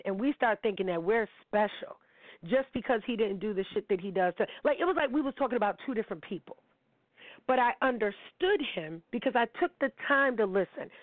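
A woman's voice: medium pitch, no echo. A middle-aged woman, hosting a candid monologue in a blunt, profane, storytelling manner. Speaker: podcast host. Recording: dry tinny phone-like audio.

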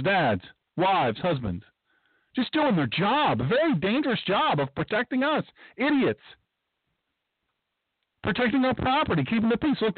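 A man hosting a talk radio monologue speaks emphatically and rambles, repeating himself as he goes. His voice sits high, and the dry recording has a tinny, phone-like sound.

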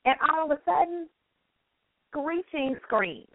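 A woman co-hosting a casual talk show, a teacher telling a story with lively acted-out voices. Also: high-pitched, unhurried, no room sound. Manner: animated storytelling, acts out voices. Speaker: co-host. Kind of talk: casual radio chat. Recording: dry phone-line audio.

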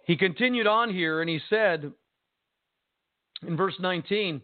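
Male pastor, impassioned emphatic preaching, slightly high voice, tinny phone-line sound. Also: no echo. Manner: impassioned, slow emphatic preaching with dramatic repetition. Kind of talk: sermon on radio broadcast.

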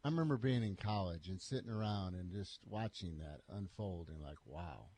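A man's voice: low voice, fairly quick, dark tone, husky. A man co-hosting a morning sports radio show, leading segments in casual talk.

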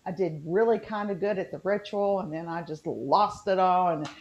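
A woman's voice: on the low side, normal speed, hardly any pauses, darkish tone. A woman from West Virginia with a Southern Appalachian accent, chatting casually and rambling with lots of fillers on a video call podcast. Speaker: podcast co-host. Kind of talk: casual chat.

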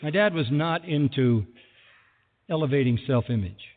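A man preaching a sermon with lively delivery who acts out the people he quotes, recorded in a large hall. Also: a little high, moderate pace, a little hiss or hum. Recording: phone-like sound with long hall reverb.

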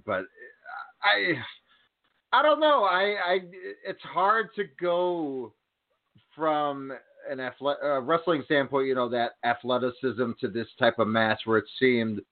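A man of middling pitch rambles through his thoughts on a wrestling card, full of hesitations and restarts. He speaks casually as a podcast co-host. His voice comes through thin and tinny, like a phone call.

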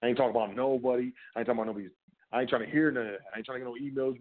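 A man hosts a talk show and explains things casually with plenty of emphasis. His voice sits at an ordinary middle pitch. The sound is narrow and tinny, as if it came over a phone line. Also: fairly even intonation, very fast. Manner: conversational and emphatic, with repeated filler phrases. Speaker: podcast host. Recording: phone-like narrow band audio.

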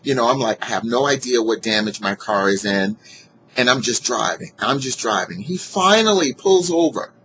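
A man casually telling a personal story to his viewers, earnest and heartfelt, animated when he retells what people said. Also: fairly low pitch, normal speed, a little hiss or hum, poor audio. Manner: animated, acts out quoted dialogue in a raised voice; earnest and heartfelt about gratitude. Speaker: vlogger sharing a personal story.

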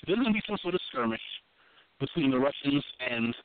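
A podcast co-host offers casual political commentary, blunt and profane, restarting and repeating himself as he builds his point. His medium-pitched voice is very animated and a little fast, captured with a thin, dry, phone-like sound.

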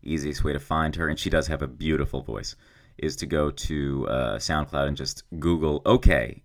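A man's voice: very deep voice, normal speed, gravelly. A man hosting a podcast, talking in a rambling, self-deprecating, joking way. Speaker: podcast host. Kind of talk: casual podcast intro and interview. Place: office.

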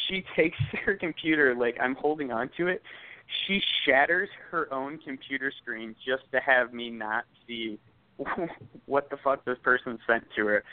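A man's voice: mid-range voice, no room sound. A young man co-hosting a podcast, casually telling stories about an ex with frequent laughs and profanity. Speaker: podcast co-host. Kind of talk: casual storytelling chat. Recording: tinny phone-like sound.

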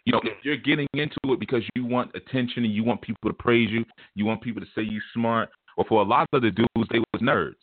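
A man hosting an online radio talk show, talking in an animated, emphatic way and repeating words as he starts his thoughts. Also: on the low side, no echo. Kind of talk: casual talk show monologue. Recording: dry, tinny phone line.

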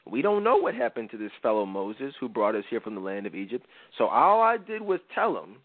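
A man's voice: medium pitch, huge pitch swings, fairly quick, no room sound, voice pushed down. A man playing Aaron, a slangy evasive priest. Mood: defensive. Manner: casual slangy pleading, "chill, man". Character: Aaron, evasive older priest brushing off blame. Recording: dry thin phone-like sound.

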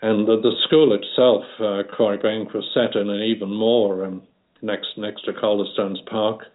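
A man's voice: fairly low pitch, level tone, normal speed. An older man from Liverpool with a light Liverpool accent, talking unhurriedly as an interview guest, with many fillers and restarts. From Liverpool, England. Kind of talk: casual interview reminiscence. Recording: tinny phone line.

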